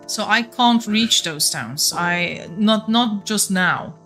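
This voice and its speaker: A woman's voice: mid-range voice, lively intonation, slow pace, a bit bright, faint music behind. A young woman with a light Flemish accent, chatting casually and thinking aloud while playing a game on stream, often restarting her sentences.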